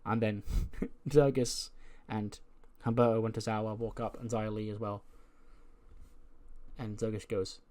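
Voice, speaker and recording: A man's voice: lowish voice, little pitch movement, a little slow, a little mellow. A man narrating a wrestling management game in a chatty way, laughing often as he goes. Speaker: gaming video host.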